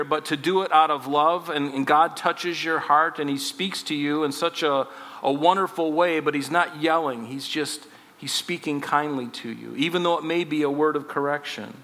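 Bright-voiced preacher in a reverberant hall. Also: male voice, fairly high pitch, fairly even intonation, moderate pace. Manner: conversational, reads scripture aloud. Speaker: pastor. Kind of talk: expository sermon.

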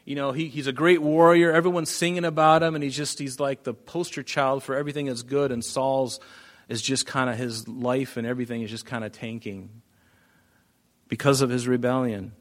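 A pastor giving a casual, conversational Bible teaching with joking asides and frequent restarts. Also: male voice, mid-range voice, steady tone, a little fast.

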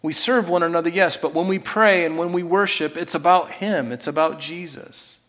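A man preaching a sermon as pastor, animated and acting out scripture scenes with put-on voices, in a church sanctuary. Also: fairly high pitch, moderate pace, big-room sound.

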